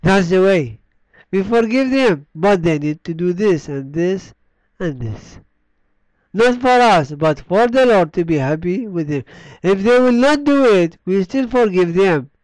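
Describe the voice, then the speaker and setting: High-voiced, slow-preaching man. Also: a little mellow, no room sound, low-quality recording. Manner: slow, deliberate preaching with long pauses and falling line endings; reads scripture aloud in an earnest tone. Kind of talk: sermon.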